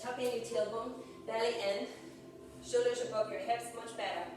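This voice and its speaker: A woman's voice: on the high side, fairly even intonation, normal speed, music in the background. A woman yoga teacher guiding a live group class, calling out poses and breaths in an encouraging way. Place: group exercise studio. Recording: echoey room, voice far from mic, background noise.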